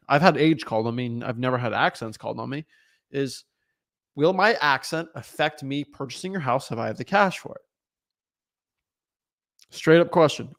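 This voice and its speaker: A young man from England coaching on wholesaling in a casual, energetic way, acting out calls with sellers. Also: mid-range voice.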